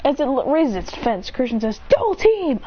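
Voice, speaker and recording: Eager high-voiced woman rambling through a story. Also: expressive, a little fast. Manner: eager, rambling narration strung together with "as he goes". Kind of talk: casual spoken retelling of a battle story. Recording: dull, lo-fi home recording with faint noise.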